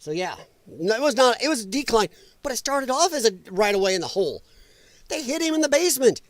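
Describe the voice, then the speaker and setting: A man's voice: very high voice, very animated, quick pace, no echo. A male livestream host giving blunt, mocking political commentary with a casual, ranting delivery.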